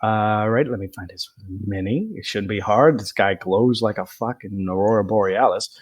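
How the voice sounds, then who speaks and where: A young man narrating as game master, lively and quick to laugh. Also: fairly low pitch.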